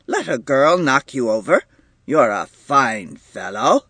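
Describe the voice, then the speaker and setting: A man's voice: a little high, sing-song, a little slow, a bit bright, husky, no room sound, heavily acted. A man reading aloud and voicing a jovial, teasing father in his mid-thirties. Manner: hearty and teasing. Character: jovial broad-shouldered man of thirty-five. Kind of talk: audiobook reading.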